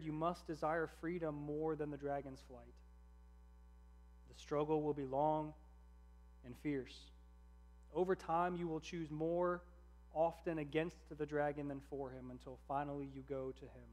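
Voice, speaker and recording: A man voicing a grieving, merciful old king who speaks slowly, solemnly and tenderly. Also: fairly high pitch, level tone, a little mellow, close to an everyday voice.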